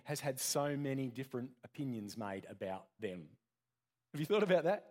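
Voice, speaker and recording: A man's voice: medium pitch, very animated, brisk, a little mellow. A man preaching an interactive sermon in a church, joking and putting questions to the congregation. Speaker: pastor.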